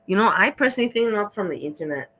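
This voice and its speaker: A woman hosting a livestream, reacting in casual chat, blunt and chatty with frequent swearing and halting restarts. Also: mid-range voice, expressive, a bit bright, low-quality recording. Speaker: livestream host.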